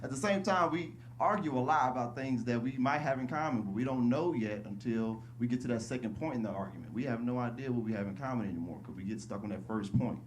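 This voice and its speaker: A male stand-up comedian telling stories casually on a club stage, slipping into high-pitched voices when he quotes people. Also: fast, hardly any pauses, a little hiss or hum. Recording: live club recording with audience laughter.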